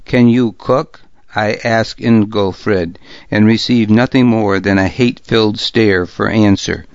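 A man narrating a story in the first person, measured and even. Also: on the low side, no echo, lo-fi sound. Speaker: audiobook narrator.

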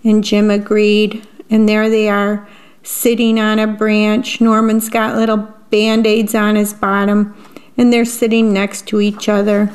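Woman storyteller for children's read-aloud, slow unhurried delivery, describes the pictures. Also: medium pitch, completely flat delivery.

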